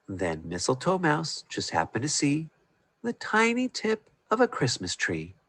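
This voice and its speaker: A man reading a rhyming Christmas picture book aloud in a sing-song, expressive way over a video call. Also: fairly high pitch, unhurried, no room sound. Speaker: storyteller.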